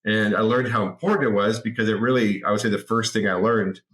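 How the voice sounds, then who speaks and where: Low-voiced man in his forties, roomy echo. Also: fast talker. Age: 40s. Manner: lively anecdotal telling with frequent word repeats. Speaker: podcast guest. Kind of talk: casual interview storytelling.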